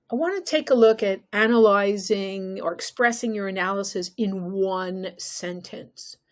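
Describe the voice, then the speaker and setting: A woman teaching an exam-prep lesson, talking emphatically and putting questions to the viewer. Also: mid-range voice.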